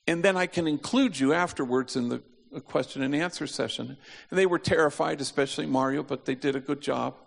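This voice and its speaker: Gravelly male preacher in a reverberant hall. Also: on the high side. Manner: slows to a near hush on key phrases, acts out quoted voices. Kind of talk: sermon storytelling.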